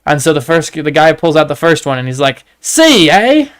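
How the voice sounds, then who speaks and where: Smooth-voiced Canadian man joking on stream. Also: fairly high pitch, fairly even intonation, fast. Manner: joking, rambling storyteller. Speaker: livestreaming gamer. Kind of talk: casual gameplay commentary.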